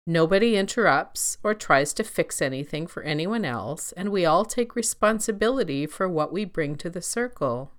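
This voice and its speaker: A woman's voice: on the low side, expressive, normal speed, hardly any pauses, voice pushed up, lightly acted. A woman voicing Tenderness, a motherly emotion in charge who speaks firmly but kindly. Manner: firm but kind.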